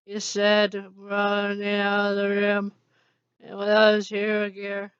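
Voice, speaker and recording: Monotone fan-story reader. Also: mid-range voice, clean tone, no room sound. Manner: halting, monotone reading with slips. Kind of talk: casual reading of a fan story. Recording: dull lo-fi recording.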